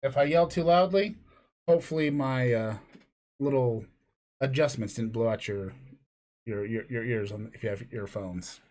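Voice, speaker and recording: A man's voice: mid-range voice, normal speed, darkish tone. A man co-hosting a podcast, rambling through crude jokes in casual chat. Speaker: podcast co-host.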